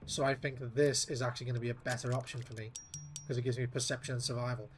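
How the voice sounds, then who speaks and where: Offhand, profane gamer. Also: male voice, medium pitch, flat delivery, quick pace, a little hiss or hum. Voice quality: offhand, profane, muttering to himself. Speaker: gameplay streamer. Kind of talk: casual gameplay commentary.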